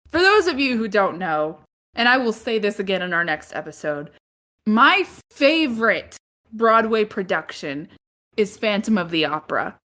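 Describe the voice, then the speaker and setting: A woman co-hosting a casual movie podcast. She talks at an easy, unhurried pace with a lively, swinging pitch. She often lets out exaggerated groans and laughs. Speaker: podcast co-host.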